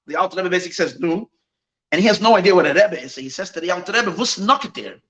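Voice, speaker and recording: Speaking very fast in a high voice, a rabbi recounts a Chassidic tale at an evening gathering. He's animated, restarts frequently, and drops in Yiddish expressions, all captured on poor-quality audio.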